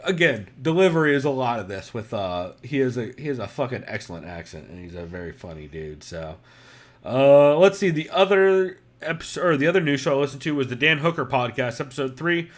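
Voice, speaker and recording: A man's voice: medium pitch, expressive, a little fast. A man hosting a casual podcast, talking loosely with lots of fillers and swearing. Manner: loose and profane, many fillers. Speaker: podcast host.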